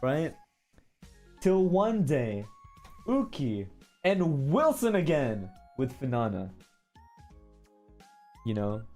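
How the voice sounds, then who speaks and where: Brief: man streaming, unhurried rambling storyteller, soft mellow tone. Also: mid-range voice, big pitch swings, soft background music. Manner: rambling, checks in with "okay?" and "right?". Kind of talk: casual storytelling to chat.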